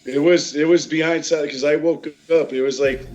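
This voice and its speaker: A man's voice: on the high side, fairly even intonation, moderate pace, darkish tone, dull audio. Rowdy laughing man telling a story. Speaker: podcast regular. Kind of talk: casual storytelling chat.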